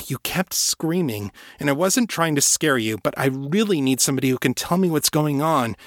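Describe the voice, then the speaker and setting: A man's voice: medium pitch, expressive, a little slow, a bit bright, breathy edge, dry recording, studio quality, exaggerated voice. A man voicing an awkward young man with godlike powers, stammering and apologetic.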